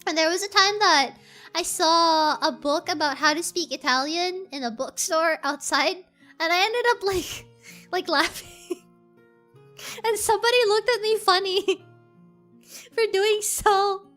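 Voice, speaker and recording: Talking at a measured pace in an extremely high, pushed and bright voice, a young female VTuber streamer rambles casually to her viewers. Fillers and giggles pepper her chat, and faint background music plays.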